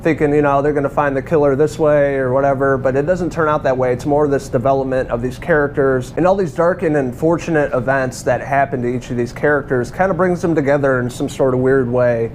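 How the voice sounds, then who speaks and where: A man's voice: mid-range voice, a little fast, hardly any pauses, darkish tone, slight background noise. Casual, chatty man reviewing a film. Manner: chatty and rambling, swears freely, laughs now and then. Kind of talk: casual spoken movie review.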